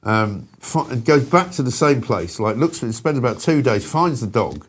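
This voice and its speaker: A man's voice: medium pitch, very animated, moderate pace, slightly rough. A man hosting a talk show, telling an anecdote in a casual, chatty way and laughing at his own story. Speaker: host.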